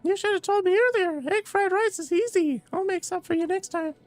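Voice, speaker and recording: A man's voice: very high voice, fairly quick, faint music behind, voice pushed up. A man voicing a small, cheerful childlike alien boy who cooks, talking eagerly and curiously. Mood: chirpy.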